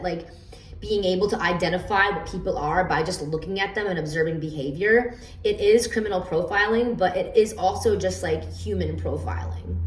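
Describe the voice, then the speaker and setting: A woman casually explaining her homemade oracle cards, rambling with fillers and stammered restarts. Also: fairly low pitch. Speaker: oracle card reader. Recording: roomy echo, distant from the mic.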